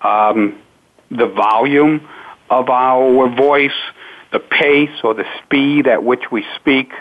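A man who coaches public speaking, answering interview questions in a measured, unhurried way with frequent pauses. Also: mid-range voice. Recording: narrow phone-line sound.

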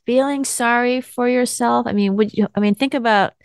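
A woman hosting an interview, asking questions in an expressive, sympathetic way, often restarting her sentences. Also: fairly high pitch, normal speed, smooth, no echo, studio quality. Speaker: host. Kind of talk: conversational interview.

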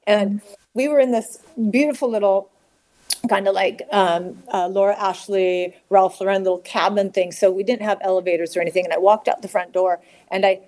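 A middle-aged woman telling a deeply personal story as a podcast guest. She speaks at an ordinary pitch, halting and restarting, and slips into acted voices for the people she quotes. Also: fairly even intonation, a little mellow.

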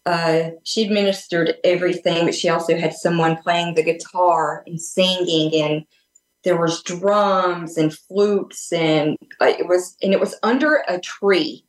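A woman's voice: on the low side, fairly even intonation, measured pace. A woman guest telling a personal story in a casual, earnest way, rambling with many restarts and fillers over a remote call. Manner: earnest and open. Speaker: podcast guest. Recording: echoey room.

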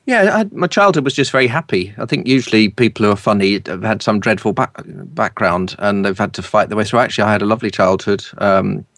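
A middle-aged English man with a low voice and a polished southern English accent, talking as an interview guest. He tells anecdotes in a lively way and laughs easily. His voice sounds close and dry, with little room around it. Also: fast, hardly any pauses, no room sound. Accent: standard southern English. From East London, England. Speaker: guest, broadcaster and speaker coach.

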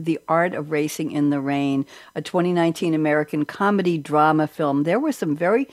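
A woman from New York hosting a lively radio chat, animated and quick to laugh at herself. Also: lowish voice, no echo, clean studio sound. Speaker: host.

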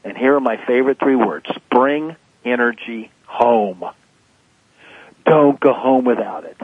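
A motivational speaker in his fifties, guesting on a phone-in radio show, delivers his points emphatically and preachily. He talks at medium pitch and a fairly quick pace with a slightly rough voice, on a dry recording through a tinny phone line.

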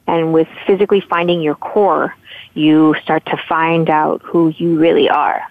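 A woman's voice: deep voice, steady tone, unhurried, no room sound. A woman from Southern California, a guest calling in, telling her story in a heartfelt, rambling way with many restarts. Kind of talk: casual interview storytelling. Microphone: phone. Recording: tinny phone line, dry.

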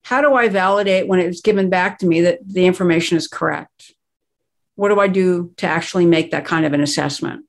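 A woman's voice: fairly low pitch, a little fast. A woman who is a guest expert, speaking in a conversational interview and explaining crisis planning emphatically, stressing her key words.

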